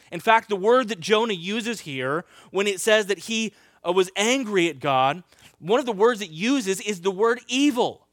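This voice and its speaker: A man preaching a sermon as a pastor, telling stories in a lively way and acting out scenes. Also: high-pitched, normal speed, no echo, clean studio sound. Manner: animated storytelling, acts out scenes.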